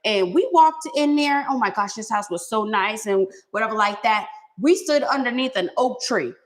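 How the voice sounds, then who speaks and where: A woman's voice: on the high side, animated, normal speed. A woman with a Boston accent, co-hosting a live stream and telling stories animatedly, laughing often. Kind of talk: casual chat.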